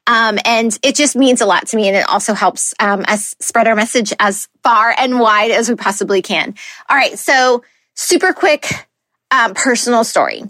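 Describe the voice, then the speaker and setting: A woman's voice: on the high side, moderate pace, a bit bright, no room sound. Earnest chatty woman podcast host, dry sound. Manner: chatty and earnest, frequent "um" fillers. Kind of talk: casual solo podcast talk.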